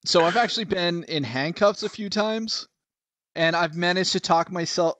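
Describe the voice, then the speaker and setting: A young man hosting a casual talk show, with a high, bright voice. He rambles a little and sounds nervous as he tells a long story. The sound is dry and close to the mic. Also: normal speed, no room sound. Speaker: host. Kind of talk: casual chat.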